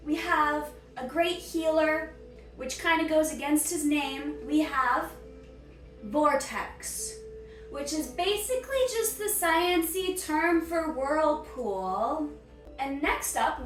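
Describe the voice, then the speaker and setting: A woman's voice: high-pitched, expressive, slow, a bit bright, far from the mic. A woman doing a comic skit as a teacher, punning on names and scolding her pretend class in a playful, mock-stern way. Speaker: sketch comedian playing a teacher. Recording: echoey room, off mic, faint music.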